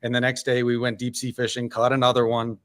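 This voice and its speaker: Man, from Boston, Boston accent, mid-pitched voice, earnest, easy laugh, podcast guest. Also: monotone, quick pace, fairly bright tone. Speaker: guest, service dog nonprofit founder. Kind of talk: casual podcast chat.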